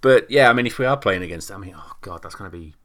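A man's voice: fairly low pitch, lively intonation, quick pace, fairly bright tone. A man co-hosting a podcast in casual chat, joking, laughing often and trailing off mid-sentence. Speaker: podcast co-host.

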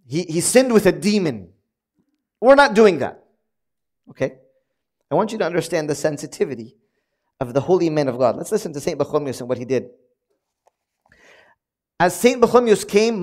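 A man, a priest, preaching a sermon with animated swings from loud emphatic lines to quiet asides, acting out quoted voices and repeating phrases for emphasis. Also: high-pitched.

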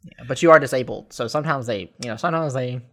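A man's voice: medium pitch, fast, fairly bright tone. A young man co-hosting a casual podcast chat, laughing easily and sounding exasperated and incredulous. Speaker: podcast co-host.

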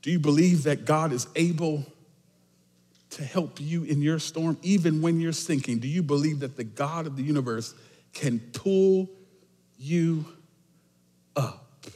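A pastor preaching with emphatic swings between loud, shouted lines and soft asides. His voice sits high for a man, and it rings out through a reverberant church hall. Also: unhurried, pauses often. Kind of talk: sermon.

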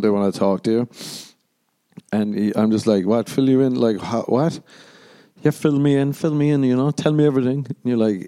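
A man's voice: on the low side, warm tone. A man hosting a podcast, rambling through a sardonic, sweary comedic monologue and putting on mocking voices for other people. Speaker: podcast host.

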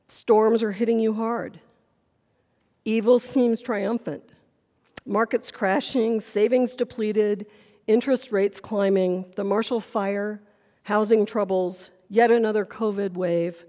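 A woman's voice: medium pitch, warm tone, in a large hall. A woman pastor preaching a sermon in a church sanctuary, earnest and full of questions.

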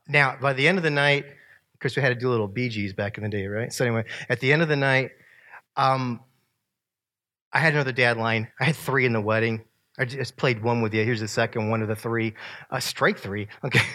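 A man, joking with an audience as he walks through family photos, swinging from loud to soft. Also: medium pitch. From Virginia. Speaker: speaker sharing family photos. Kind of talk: casual talk to an audience.

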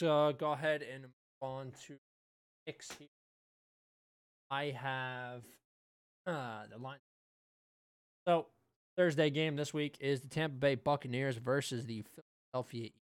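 Smooth-voiced man, casual betting chat. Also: medium pitch, unhurried, pauses often, dry recording. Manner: relaxed, loose, with frequent fillers. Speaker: podcast co-host.

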